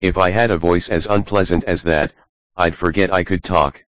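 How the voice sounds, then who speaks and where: A man's voice: deep voice, fairly even intonation, moderate pace, fairly bright tone, no echo. A man reading the part of a curious, gossipy young male rabbit in a storybook. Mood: eager. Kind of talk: audiobook reading.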